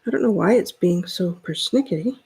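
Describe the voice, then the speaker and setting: A woman hosting a sewing livestream, chatting casually with viewers as she works and thinking out loud with fillers and restarts. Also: lowish voice, animated, brisk, slightly rough. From Canada.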